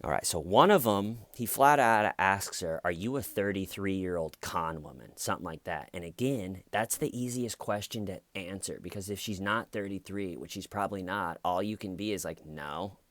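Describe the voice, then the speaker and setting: A man's voice: on the low side, no echo. A man giving a casual, wry commentary monologue, now and then mocking the people he quotes. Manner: slow, wry, acts out quotes in mocking voices. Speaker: commentary vlogger.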